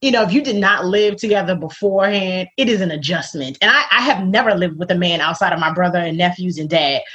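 A woman as an interview guest in casual faith-centred chat, animated and laughing often, acting out the voices she quotes. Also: fairly low pitch, fast talker. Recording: dull lo-fi recording.

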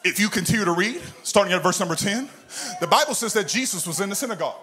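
Preaching fast in a high, expressive and sharp-toned voice, a pastor calls out to his congregation while organ music plays behind him in the sanctuary. His sermon builds into whooping, sung phrases.

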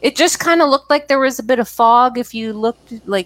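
A woman co-hosting a casual podcast chat, telling stories in an animated, chatty way. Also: fairly high pitch, moderate pace, dry recording, poor audio. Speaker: podcast co-host. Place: lives in Ontario, Canada.

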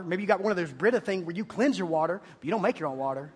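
A man preaching to students in a lively, joking way, and he often slips into mocking voices to imitate his listeners. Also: sits high, rapid-fire, husky. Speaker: youth pastor. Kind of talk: energetic youth sermon. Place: room with a live audience of students.

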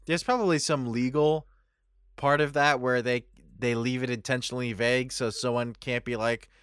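A man co-hosts a podcast in casual chat, offering wry, amused remarks in a steady mid-range voice at a moderate pace. His tone is clean and fairly bright, and the recording is dry with clean studio sound.

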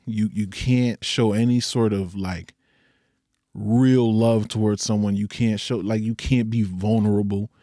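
Earnest low-voiced young man. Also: steady tone, a little slow, warm tone, no room sound, studio quality. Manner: earnest, candid, with rueful laughs. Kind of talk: personal reflective monologue.

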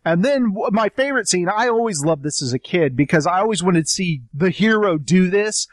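A man riffs through a casual movie-review conversation, animated and quick to act out lines. His voice sits high for a man and lands dry and close, with no room sound around it. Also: dry recording. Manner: animated, acts out scenes in voices. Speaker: podcast co-host.

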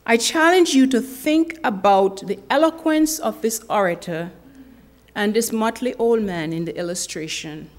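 A woman giving a sermon to a church women's ministry, telling an illustration in a slow, deliberate, earnest way with dramatic pauses. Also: on the high side. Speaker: speaker at a women's ministry gathering.

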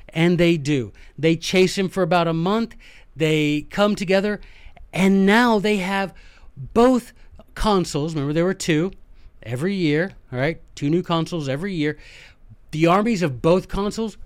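A man with a Southern American drawl tells history on his podcast like he's chatting with friends. He's animated and folksy, and he talks right to his listeners. His voice sits a bit high for a man. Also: moderate pace, smooth. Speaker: podcast host. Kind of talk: casual history storytelling.

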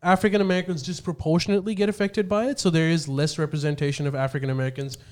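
Explanatory man with a slightly high voice. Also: steady tone, racing, a little mellow. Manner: explanatory, methodical, hesitant restarts. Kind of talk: casual chat.

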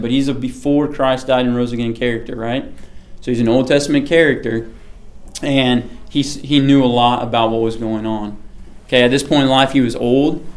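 A man giving a casual sermon to a small group, chatty and often checking in with the listeners. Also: medium pitch. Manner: chatty, keeps checking in with "okay?".

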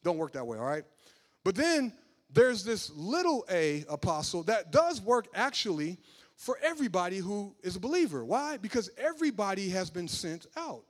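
A man preaching a sermon, talking casually with the congregation and building up to loud, emphatic passages. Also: high-pitched, very animated, moderate pace.

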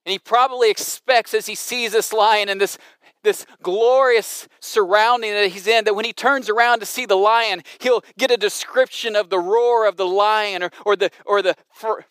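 High-voiced emphatic male preacher. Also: normal speed, fairly bright tone, clear, resonant tone, dry recording, clean studio sound. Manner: dramatic, emphatic preaching with many restarts. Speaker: pastor. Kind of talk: sermon.

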